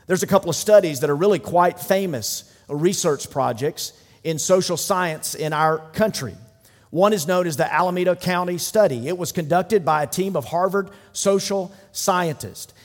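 A man's voice: high voice, long reverb tail. A middle-aged man, a pastor, giving a sermon in a conversational, joking manner, with asides to the congregation. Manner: conversational preaching with jokes and asides.

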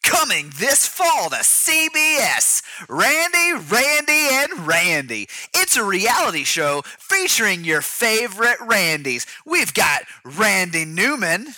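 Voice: medium pitch, sing-song, slow pace, few pauses, sharp tone, dry recording. A comic voice-over doing a parody TV promo in a punchy, sing-song announcer voice. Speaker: mock announcer.

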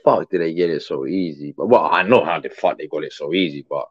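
A man's voice: rumbling low, fast, breathy edge, no room sound, dull audio. A man chatting casually as co-host, slangy, rambling and swearing freely. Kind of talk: casual chat.

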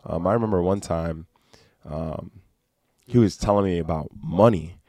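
A man, a podcast co-host, chatting casually in a relaxed, agreeable way. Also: deep voice, moderate pace, no echo, studio quality. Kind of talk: casual chat.

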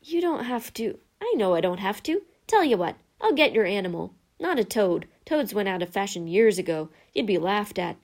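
A woman reader voicing a gruff, big-hearted giant groundskeeper who drops his g's and talks in a hearty, folksy way. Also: medium pitch, very animated, normal speed, hardly any pauses, a little mellow. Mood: kindly.

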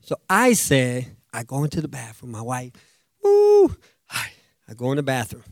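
A man preaching a sermon as pastor, animated, acting out quotes and swinging between loud bursts and hushed asides. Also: medium pitch, brisk, no room sound, clean studio sound. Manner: animated, acts out quotes, jumps loud and soft.

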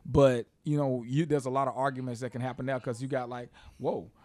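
A man's voice: mid-range voice, flat delivery, brisk, dark tone, no room sound. A man co-hosting a casual hip-hop podcast, making his points with lots of "you know" and "exactly.". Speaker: podcast co-host.

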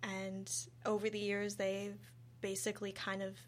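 A woman's voice: mid-range voice, completely flat delivery, a little slow, slight background noise. A young American woman co-hosting a casual radio discussion, talking hesitantly with many fillers. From United States. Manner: hesitant, many ums and uhs. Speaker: radio show co-host.

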